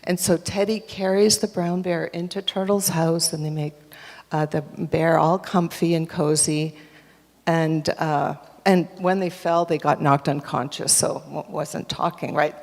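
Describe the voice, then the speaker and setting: A woman's voice: low-pitched, unhurried, creaky. Woman telling a children's story in an echoing hall. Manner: animated, guiding children with props. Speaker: children's storyteller at a church service. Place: church sanctuary. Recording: echoey church hall.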